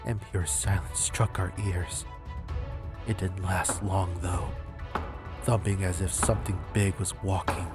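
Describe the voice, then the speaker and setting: A man narrating a horror story in a steady, suspenseful way. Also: sits low, measured pace. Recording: loud background music.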